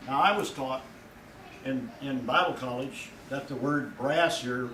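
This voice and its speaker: A male pastor preaching a sermon in a folksy way, his voice rising and loud whenever he quotes God. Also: mid-range voice, a little slow, slight background noise. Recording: echoey room from far off.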